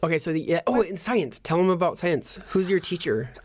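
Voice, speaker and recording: A man's voice: fairly high pitch, lively intonation, fairly quick. A man hosting a podcast, chatting casually and playfully teasing his daughter. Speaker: podcast host.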